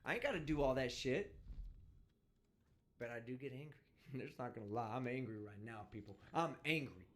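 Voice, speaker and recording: A man's voice: medium pitch, lively intonation, moderate pace. A man hosting a live stream, ranting casually and profanely in a brash, vulgar way. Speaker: livestream host. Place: indoors, traveling.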